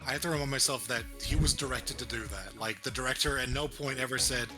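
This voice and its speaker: A man's voice: medium pitch, quick pace, music in the background. A man co-hosting a casual film review chat, laid-back and joking, swearing now and then. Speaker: podcast co-host.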